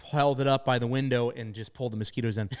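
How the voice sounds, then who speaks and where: A man from northern Maine hosting a podcast, telling stories in an animated, casual way. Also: medium pitch, fast talker, clear, resonant tone. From northern Maine, USA. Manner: animated storyteller, acts out quotes. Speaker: podcast host. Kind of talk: casual storytelling chat.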